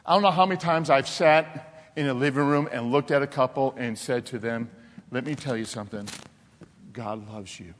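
A man preaching a sermon as pastor, telling animated personal stories, laughing often and dropping to soft, intense tones. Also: mid-range voice, moderate pace. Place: church sanctuary. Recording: long reverb of a church hall.

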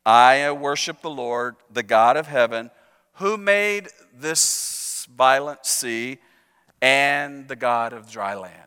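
A man voicing a sulky, ashamed male prophet who drawls slowly and gloomily. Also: mid-range voice, animated, sharp tone, smooth, big-room sound, pitched below the performer's own voice. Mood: mopey. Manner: slow mopey drawl.

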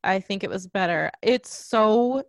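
A woman's voice: mid-range voice, animated, a little slow, vocal fry, no echo. A woman co-hosting a podcast in casual chat, joking and wry as she talks. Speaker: podcast co-host.

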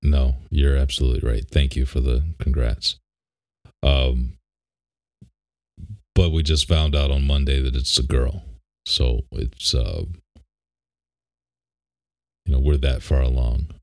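A man's voice: very deep voice, steady tone, unhurried, long pauses, a little mellow. A young man co-hosting a podcast, chatting in a laid-back, rambling way and laughing often. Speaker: podcast co-host. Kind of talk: casual chat. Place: home office.

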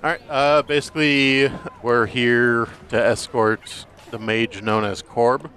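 Man narrating as game master. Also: mid-range voice. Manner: relaxed, halting narration with fillers.

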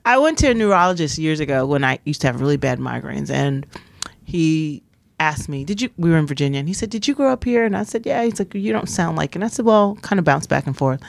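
A woman in her fifties co-hosting a casual chat, telling animated stories and laughing often. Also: low-pitched, fast talker, gravelly, no room sound. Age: 50s. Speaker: podcast co-host.

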